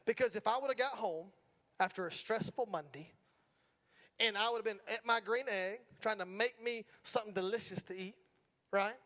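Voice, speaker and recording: In a church sanctuary, a middle-aged Southern pastor from Georgia preaches at a moderate pace in a high, somewhat bright voice. His manner is conversational and playful, with frequent "right?" check-ins directed at the congregation.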